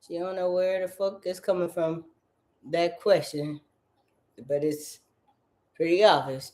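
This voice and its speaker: A woman's voice: lowish voice, measured pace, pauses often. A woman ranting in a casual monologue, cursing freely and repeating her phrases over and over. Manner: animated, profane, repeats phrases, talks in circles.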